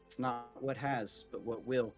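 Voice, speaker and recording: A man voicing a mysterious young woman sorceress who speaks quietly, in a cryptic, solemn way. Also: mid-range voice, fairly even intonation, measured pace, faint music behind, natural voice.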